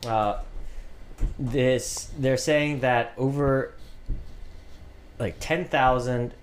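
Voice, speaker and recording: A man chatting casually as a podcast co-host, joking and sarcastic with quick asides. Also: medium pitch, steady tone. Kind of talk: casual chat. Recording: faint background hiss.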